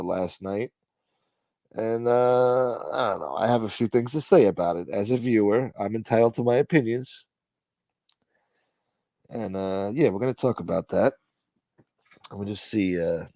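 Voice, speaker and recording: Man, livestream host, profane banter, reads out viewers, dark mellow tone, lo-fi. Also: on the low side, dry recording. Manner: profane, joking, shouts out viewers. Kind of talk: casual live chat reading donations.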